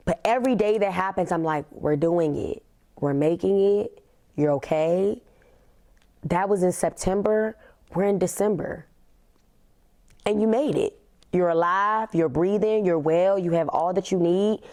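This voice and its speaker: A woman, hosting a podcast and telling a personal story in an emphatic way, often leaning on "literally" and slowing down on key words. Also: on the low side, darkish tone. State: tearful. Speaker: podcast host.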